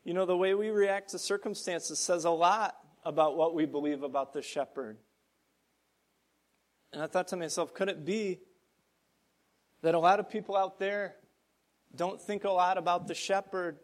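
A middle-aged man delivers a sermon from the pulpit. He tells a parable in an earnest, gently emphatic way, his voice pitched a little above the usual for a man. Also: steady tone, normal speed, pauses often. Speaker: pastor.

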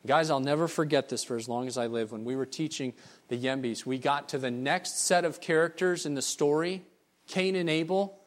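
A man preaching a sermon as a missionary, telling stories in an animated, emphatic way. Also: a little high, normal speed. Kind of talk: storytelling sermon.

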